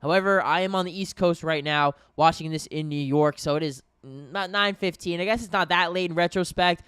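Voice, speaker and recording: A man's voice: on the high side, a little fast, a bit bright, clear, resonant tone, no echo, studio quality. A young man doing casual live play-by-play commentary, talking to viewers, a little tired and yawning. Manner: conversational, addresses viewers as guys. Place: home in New York.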